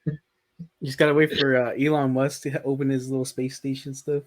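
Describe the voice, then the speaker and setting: A man's voice: mid-range voice, little pitch movement, a little fast. A man hosting a podcast, chatting casually and answering with brief, agreeable replies. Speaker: podcast host. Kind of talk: casual chat.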